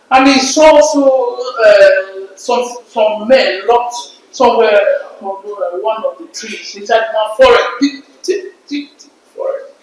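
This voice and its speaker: A man's voice: extremely high pitch, slight background noise. A man on a podcast panel, arguing emphatically and telling stories with repeated words. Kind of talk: casual debate. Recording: very echoey room.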